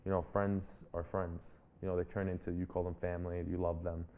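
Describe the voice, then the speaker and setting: A man's voice: low voice, level tone, a little fast, phone-quality sound, a little hiss or hum. A man in his twenties, an interview guest and speaker, telling a personal story in an earnest, reflective way and often restarting his phrases. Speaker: guest, public speaker and author.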